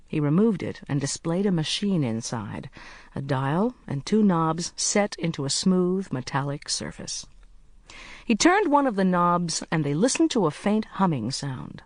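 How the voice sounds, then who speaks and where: A measured audiobook narrator with an expressive, lively pitch, reading a cozy mystery. The recording is close and dry, with no room sound. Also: dry recording. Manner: even, measured storytelling.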